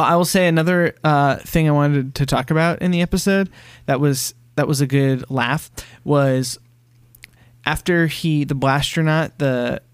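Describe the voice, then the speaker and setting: A man's voice: fairly high pitch, dry recording. A man co-hosting a casual podcast, recounting scenes in a chatty, storytelling way. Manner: chatty storyteller who acts out bits of scenes. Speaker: podcast co-host. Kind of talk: casual chat.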